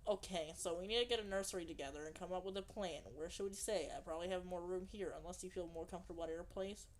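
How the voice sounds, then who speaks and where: A gentle, lowered voice for a lovesick cartoon octopus, as a woman reads him. He speaks softly and steadily, trying to comfort his partner. It stays close to a woman's own reading voice, just a bit deeper and quieter. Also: fast, a little hiss or hum, close to an everyday voice. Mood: calm. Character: grumpy-turned-tender male octopus.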